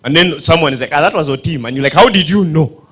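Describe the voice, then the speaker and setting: A man's voice: fairly high pitch, fast talker, a bit bright, a little hiss or hum. A man with a Ugandan accent, doing stand-up comedy storytelling at a dinner event, acting out voices and sound effects and quizzing the audience. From northern Uganda.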